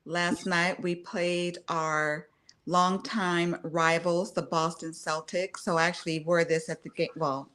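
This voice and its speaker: A woman co-hosting a podcast, chatting in a relaxed, unhurried way. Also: lowish voice. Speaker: podcast co-host. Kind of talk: casual chat.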